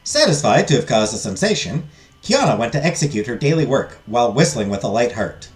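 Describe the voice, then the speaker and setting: Male let's play host, chatty and joking, reads game text aloud with a lively, swinging voice at a middle pitch. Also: brisk, faint music behind. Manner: joking, chatty asides to viewers.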